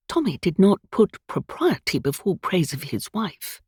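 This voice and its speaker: A woman reads a cosy mystery audiobook in an expressive, measured way. Her voice sits on the low side with a husky texture, and her intonation moves a lot. The sound is close and dry. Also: no room sound. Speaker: audiobook narrator. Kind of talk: scripted narration.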